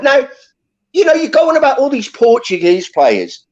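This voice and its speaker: A man's voice: very high-pitched, wildly swooping pitch, moderate pace. A man on a fan phone-in show, speaking emphatically and leaning on fillers like "you know, look". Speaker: fan panelist. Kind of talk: heated phone-in debate. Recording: muffled lo-fi line.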